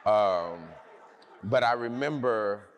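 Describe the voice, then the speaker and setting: A man's voice: on the low side, slow pace, a little hiss or hum. A man preaching a sermon, telling a personal story in a conversational, humorous way with many restarts.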